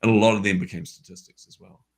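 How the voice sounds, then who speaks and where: A man with a New Zealand accent, a guest telling a story from his life in a lively, casual way with everyday fillers. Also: fairly low pitch, quick pace. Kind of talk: conversational storytelling.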